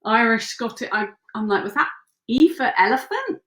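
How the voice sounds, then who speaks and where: A woman's voice: a little high, big pitch swings, normal speed, bright, forceful tone. Giggly woman in an echoey room. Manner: giggly, self-mocking, teasing. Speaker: co-host. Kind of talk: casual livestream Q&A chat.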